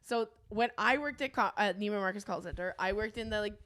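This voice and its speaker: A woman's voice: mid-range voice, a little fast. A woman co-hosting a podcast, chatting casually, laughing and swearing as she tells work stories. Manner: laughs often, animated, swearing. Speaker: podcast co-host. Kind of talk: casual comedic chat.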